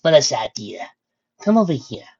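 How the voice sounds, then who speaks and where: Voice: medium pitch, expressive, normal speed, muffled recording, voice pushed up, lightly acted. A reader playing a hearty motherly mare ruler. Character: warm motherly female horse ruler.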